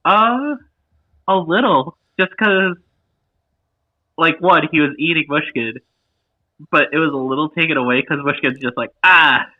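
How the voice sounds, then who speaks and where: A man's voice: on the high side, a little slow, pauses often. A man who is a plant scientist, a guest on a podcast, joking wryly in casual chat. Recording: dull lo-fi mic.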